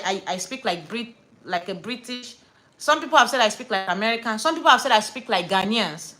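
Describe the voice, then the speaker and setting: A woman's voice: a little high, sharp tone, rough recording. A woman from Nigeria with a Nigerian accent, telling a story and ranting to camera in a casual vlog, stressing points by repeating words and slipping into Pidgin. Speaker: vlogger.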